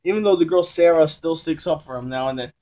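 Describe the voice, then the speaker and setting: A young man chats casually about a comic he is reviewing, filming at home in the middle of a move. His voice sits a bit high but has a mellow, soft edge. He rambles, restarts sentences and corrects himself in easy slang. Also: fast talker. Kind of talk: casual chat. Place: room at home during a move.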